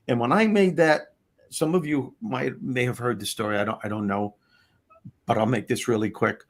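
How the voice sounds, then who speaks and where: A middle-aged man, hosting a talk show and telling a personal story in an animated, conversational way. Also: medium pitch, moderate pace. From Long Island, New York. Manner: animated, conversational, repeats words. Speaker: host.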